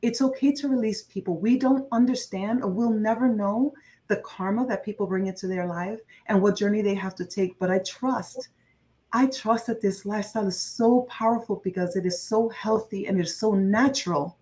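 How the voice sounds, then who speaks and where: Earnest woman coach, mid-pitched voice. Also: moderate pace, mellow, rough recording. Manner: earnest and heartfelt, repeats phrases for emphasis. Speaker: interview guest, lifestyle coach. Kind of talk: conversational interview.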